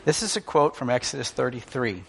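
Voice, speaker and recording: A man's voice: mid-range voice, animated, brisk, creaky, slightly rough. A man preaching a sermon in an earnest, emphatic way, teaching through stories and illustrations.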